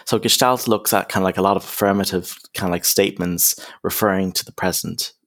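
A man's voice: deep voice, fairly even intonation, a little fast, a bit bright. A young man, a counsellor, talking casually in an interview, emphatic, with lots of "you know" and "okay?". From Ireland. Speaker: counsellor, podcast guest.

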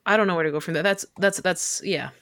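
A woman's voice: lowish voice, fast, a bit bright, no echo. Woman chatting, dry close sound. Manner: responsive listener, brief reactions. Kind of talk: casual chat.

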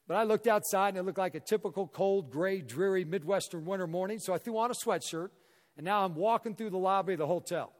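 High-voiced man telling stories on stage. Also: quick pace. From Missouri, US. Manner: animated, acts out dialogue, asks the audience. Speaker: guest speaker. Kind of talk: motivational storytelling speech. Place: large hall with an audience. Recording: echoey hall reverb.

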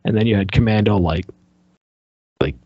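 A man's voice: on the low side, moderate pace, mellow, breathy edge, no room sound, muffled recording. A man in casual podcast chat, animatedly ranting and exasperated, filling his talk with "like". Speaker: podcast co-host reviewing a movie.

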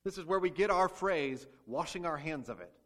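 A man's voice: on the high side, animated, moderate pace, a bit bright. A man preaching a sermon as pastor, asking the congregation rhetorical questions and acting out quoted speech.

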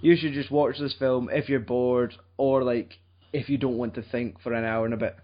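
A young Scottish man hosting a casual film review chat, rambling and swearing in a deadpan way. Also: medium pitch, normal speed, lo-fi sound. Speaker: podcast host.

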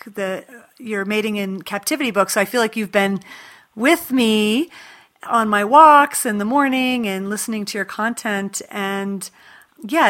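A woman's voice: medium pitch, sharp tone. A woman hosting an interview show who asks long, effusive questions with eagerness. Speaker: podcast host. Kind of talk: interview and scripted intro.

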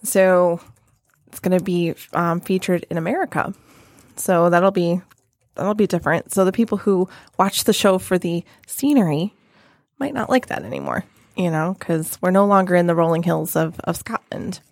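Rambling woman, low voice, dry sound. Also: moderate pace, darkish tone, dry recording. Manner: rambling, many fillers and restarts. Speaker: podcast co-host. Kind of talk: casual chat.

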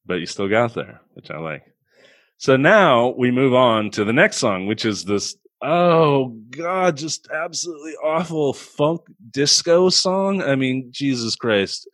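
A man co-hosting a casual comedic film review, ranting with profanity and sudden high-pitched outbursts of exasperation. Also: sing-song, unhurried, a bit bright, no echo. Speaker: podcast co-host.

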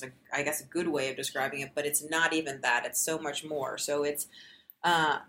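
A low-pitched woman records a loose, chatty podcast diary. Her voice is hoarse and worn from days of talking, yet it stays bright and forward. She rambles, filling gaps with "um" and "you know.". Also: slight background noise. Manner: rambling, with many fillers. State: tired. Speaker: podcast host.

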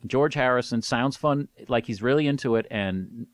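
A man's voice: medium pitch, normal speed, dry recording, studio quality. A man co-hosting a podcast, chatting about old records with frequent fillers and restarts. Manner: hesitant, many fillers and restarts. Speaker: podcast co-host. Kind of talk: casual chat about music records.

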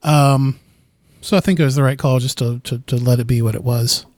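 A man of middle pitch, a player in the game, talking it over in a podcast chat. He weighs his words and often stammers and restarts. The sound is dry and close. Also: steady tone, brisk, darkish tone, dry recording. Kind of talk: podcast discussion.

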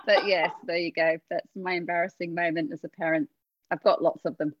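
A woman's voice: fairly low pitch, steady tone, normal speed, a little hiss or hum. A woman from England in her forties, telling rambling stories full of fillers in casual chat. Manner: rambling storytelling with many fillers. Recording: dry dull lo-fi sound.

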